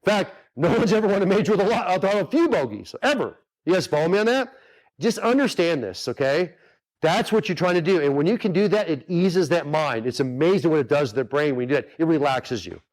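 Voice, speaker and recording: Earnest man coaching golfers, fairly high voice. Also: expressive, brisk. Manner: earnest, repetitive, talks straight to the audience with many asides. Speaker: golf instructor hosting a webinar. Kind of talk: casual coaching talk.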